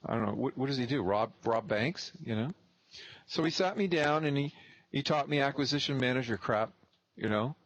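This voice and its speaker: Man in his thirties, real estate teacher, casual profane storyteller, mid pitch, dry close sound. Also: animated, normal speed, no room sound, highs cut off. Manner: blunt, profane, acts out both sides of the dialogue.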